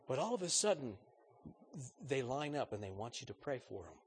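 A man's voice: mid-range voice, sing-song, normal speed, slight background noise. A man preaching a sermon in an earnest, conversational way, putting questions straight to his congregation.

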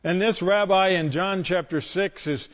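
A man's voice: high-pitched, unhurried. A man preaching a sermon in a storytelling way, acting out scenes with different voices.

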